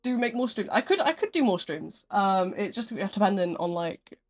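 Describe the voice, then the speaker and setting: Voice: mid-range voice, very animated, normal speed. Chatty gaming streamer over faint music. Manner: chatty and rambling, with frequent "like" and "um" fillers. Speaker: live streamer. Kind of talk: casual live-stream chat answering viewers.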